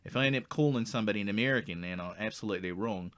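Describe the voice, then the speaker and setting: A man's voice: fairly low pitch, rapid-fire, a bit bright, smooth, no echo, close to an everyday voice. A man playing a brash Aussie outback guide. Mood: apologetic. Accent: Australian. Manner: blunt, slangy, stammers when worked up. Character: brash male Australian outback guide, touchy. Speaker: tour guide. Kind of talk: comedy sketch acting.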